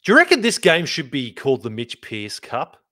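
A man's voice: mid-range voice, wildly swooping pitch, a little fast, bright, forceful tone, no room sound, studio quality. A man co-hosting a sports podcast, talking in a laid-back, mumbly way and swearing casually. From Australia. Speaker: podcast co-host.

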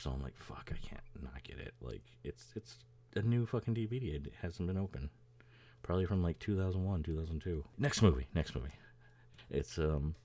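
A man's voice: extremely low pitch, a little mellow. A man hosting a podcast in casual, rambling chat, swearing freely and chuckling as he talks. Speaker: podcast host.

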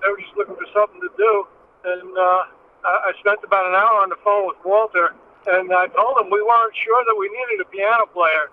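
A man, a musician guest, telling stories in a relaxed, matter-of-fact way during an interview. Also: high-pitched, fairly quick. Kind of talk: casual interview over the phone. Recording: tinny phone line with faint noise.

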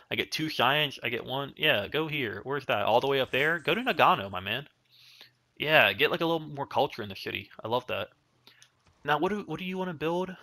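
Young guy gaming, bright voice, bouncy chatty rambling, lots of likes. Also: a little high. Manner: chatty, rambling, talks at the game units, lots of "like". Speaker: gaming channel host. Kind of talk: casual gameplay commentary.

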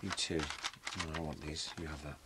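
An actor playing a bitter, sarcastic middle-aged husband facing a separation, in a TV drama. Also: male voice, a bass voice, level tone, a little fast, heavy background noise.

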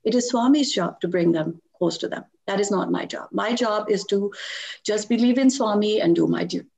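A middle-aged woman sharing personal devotional stories in a lively talk, laughing often as she tells them. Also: mid-range voice, normal speed, creaky. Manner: animated storytelling with frequent laughs.

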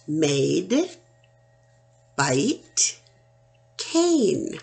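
Slow, gravelly-voiced woman teacher. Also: sits low, very animated. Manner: slow, deliberate, sounding out letters one by one. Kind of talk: children's phonics lesson.

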